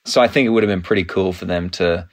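An Australian man in his thirties, an actor guest in a casual interview, telling stories in an animated, laughing way. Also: low-pitched, fast.

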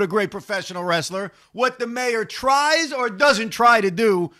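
Excitable New sports-radio host, high and bright, ramps up fast. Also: male voice, no room sound, studio quality. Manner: excitable, building to near-shouting enthusiasm.

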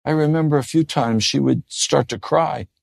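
A man preaching a sermon in an earnest way, often dropping to a soft, gentle tone. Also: fairly high pitch, moderate pace, creaky, no room sound, clean studio sound. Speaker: pastor.

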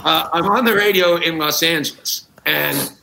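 A man's voice: fairly high pitch, normal speed, vocal fry, bright, forceful tone, reverberant, slight background noise, poor audio. A man, a talk show guest, telling comic anecdotes with gusto, acting out quotes and laughing at his own jokes. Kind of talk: animated comic storytelling.

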